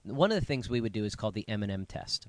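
A man's voice: fairly low pitch, fast talker, no room sound. Emphatic man, dry close sound. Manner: animated, emphatic, acts out quotes. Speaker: co-host, parent. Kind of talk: casual chat.

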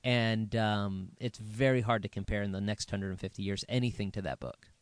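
Casting: middle-aged male pastor, low voice, relaxed and joking, dry close recording. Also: fairly quick, clean tone, dry recording. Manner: easygoing, jokey, restarts often. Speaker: pastor, podcast co-host. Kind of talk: casual conversation about books. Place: Las Vegas.

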